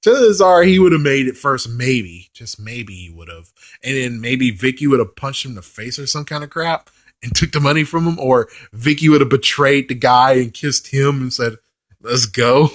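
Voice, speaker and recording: A man's voice: medium pitch, lively intonation, normal speed. A man giving a casual, profane, exasperated rant in a movie review vlog. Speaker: movie commentary vlogger.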